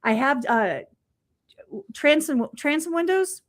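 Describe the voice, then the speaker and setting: A woman chatting casually, telling animated stories and swearing freely. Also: sits high, takes it slowly. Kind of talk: casual chat.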